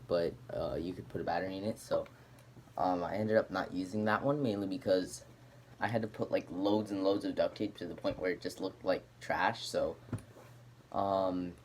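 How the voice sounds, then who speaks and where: A man's voice: low voice, slight background noise. A man casually showing off and explaining a homemade gadget, rambling with lots of filler words. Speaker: hobbyist demonstrating a homemade gadget. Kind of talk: casual show-and-tell video.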